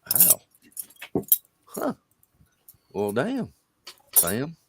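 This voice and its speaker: A man's voice: mid-range voice, huge pitch swings, drawn-out words, a little hiss or hum. A man hosting a live stream, chatting casually and laughing often. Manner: laid-back, laughs often. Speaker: stream host. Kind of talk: casual chat.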